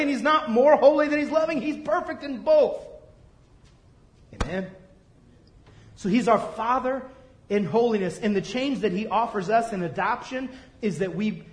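A man's voice: extremely high pitch, normal speed, roomy sound. A man preaching a sermon, emphatic and calling out to the congregation. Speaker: pastor.

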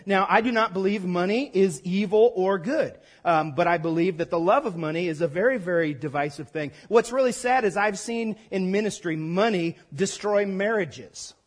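A man preaching a sermon to his congregation as pastor, animated and repeating lines for emphasis, playfully mimicking the voices of his listeners. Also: high-pitched. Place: church sanctuary before a congregation.

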